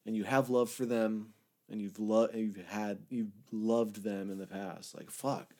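A man with a fairly low voice tells a story from his own life in a loose, rambling way. He swears freely and fills his talk with "like." His voice swings between loud bursts and low mutters. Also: fairly even intonation, measured pace. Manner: rambling, candid, heavy swearing, frequent "like" fillers. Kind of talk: casual personal storytelling.

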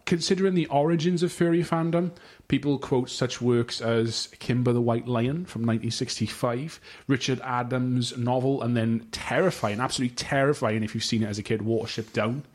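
A man's voice: mid-range voice, fairly even intonation, brisk, few pauses. A man hosting a casual podcast chat, reading notes aloud in a rambling, sweary way and tripping over long words. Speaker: podcast host.

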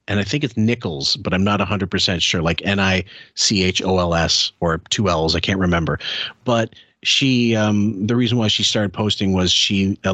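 A man's voice: deep voice, a bit bright, dry recording. A man co-hosting a podcast, chatting casually in a rambling, hesitant way, often restarting his sentences. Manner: rambling, hesitant, self-correcting. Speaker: podcast co-host.

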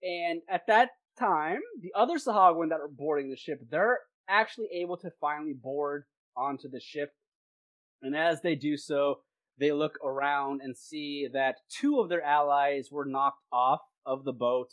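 A game master narrating a tabletop role-playing game in a lively, laughing way with quick asides. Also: mid-range voice, dry recording.

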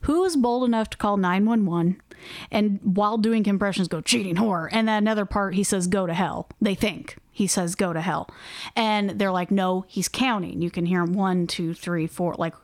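A podcast co-host with a smooth, medium-pitched voice tells a story in casual chat, at a moderate pace. The studio recording is clean with no room sound, and she animatedly acts out quotes.

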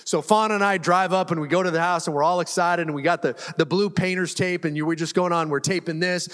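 Brief: male pastor, fairly high voice, chatty storytelling sermon, long hall reverb. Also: brisk, a bit bright. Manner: conversational, self-deprecating, laughs while telling stories. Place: church hall with a congregation. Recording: echoey hall.

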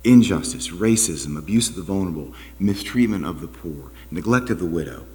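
Male pastor, low voice with a wide, expressive range, preaching with rhetorical questions in a reverberant sanctuary. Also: a little fast. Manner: animated preaching, rhetorical questions, drops to quiet asides. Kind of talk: sermon. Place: church sanctuary. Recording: long reverb of a church hall.

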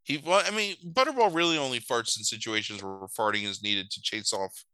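Animated, swearing man retelling a movie. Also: brisk, no echo, rough recording. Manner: animated, swears a lot, jumps into silly high voices for characters. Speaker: podcast host recapping a movie. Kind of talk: casual comedic chat.

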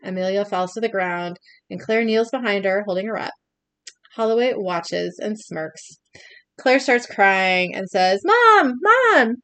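This young podcast co-host speaks at a measured pace in a mid-range voice, narrating scenes as she recaps an episode. Laughter often interrupts her reading, and there's no room sound.

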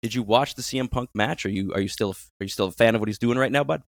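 A man's voice: mid-range voice, rapid-fire, vocal fry, dry recording, studio quality. A man from Canada hosting a podcast, playfully introducing co-hosts with wrestling-style billing. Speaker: podcast host. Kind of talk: casual chat.

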